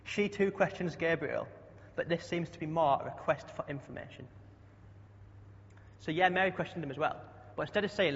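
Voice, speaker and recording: A man's voice: fairly high pitch, brisk, a bit bright. A young man preaching a chatty sermon, often asking the congregation questions. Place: church hall. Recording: dull sound with long hall echo.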